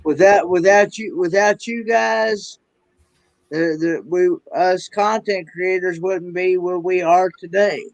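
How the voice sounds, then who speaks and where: Brief: higher-pitched male co-host, halting delivery, dry recording. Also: fairly even intonation, dry recording, lo-fi sound. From Sullivan County, USA. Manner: halting, repeats words while speaking. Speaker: live stream co-host. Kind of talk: casual live stream chat.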